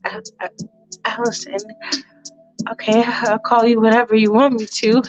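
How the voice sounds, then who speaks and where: A woman's voice: a little high, little pitch movement, normal speed, highs cut off, faint music behind, lightly acted. A woman voicing a nervous, stammering young man in a spoken fanfiction story. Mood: flustered. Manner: stammering, flustered.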